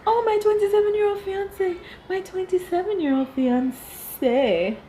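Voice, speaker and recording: A woman's voice: very high voice, normal speed, dark tone, slight background noise, voice pushed up, rough recording. Woman mimicking a prim, simpering older woman. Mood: smug. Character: simpering older woman bragging about fiancé.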